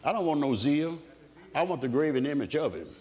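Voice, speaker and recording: A man preaching to his congregation. His voice sits a little high and rises and falls freely. He delivers it in rhythmic waves and tosses questions to the room. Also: lively intonation, fairly quick, darkish tone. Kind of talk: sermon.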